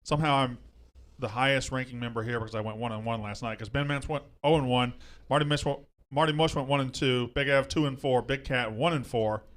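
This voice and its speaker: A man hosting a casual sports betting show, rattling off picks and results in a brisk, joking way. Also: mid-range voice, steady tone, a bit bright.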